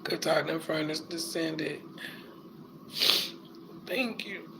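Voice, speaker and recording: A man's voice: fairly high pitch, fairly even intonation, takes it slowly, vocal fry, background noise. A man vlogging his emotional reaction, talking in a tearful, heartfelt way with casual slang.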